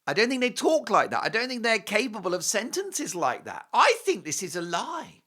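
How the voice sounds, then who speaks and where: A man hosts a commentary show and delivers a monologue of opinion. He talks in a scornful, sarcastic way and leans hard on his points. His pitch swings widely, and his tone is bright and forceful. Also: big pitch swings, moderate pace, few pauses. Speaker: host.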